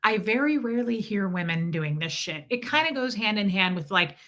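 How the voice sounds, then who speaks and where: Midwest woman live streaming, sarcastic rant to chat, bright voice. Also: mid-range voice, animated, moderate pace. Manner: sarcastic, ranting, throws in mocking impressions.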